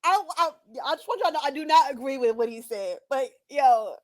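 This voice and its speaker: Giggly, lively high-voiced young woman. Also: brisk. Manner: giggly, exclamatory, playful. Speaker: podcast co-host. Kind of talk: casual chat.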